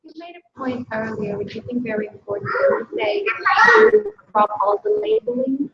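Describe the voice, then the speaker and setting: High-pitched woman host, lively, bit gravelly, muffled sound. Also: moderate pace. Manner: thoughtful, questioning. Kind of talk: interview questions.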